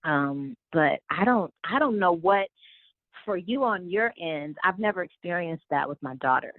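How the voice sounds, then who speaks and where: A woman in her forties calling in to a chat show, speaking earnestly and thoughtfully, with frequent pauses. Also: fairly low pitch, expressive, dry recording. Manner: earnest, thoughtful, hesitant with fillers. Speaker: guest calling in. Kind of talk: casual chat. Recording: phone line.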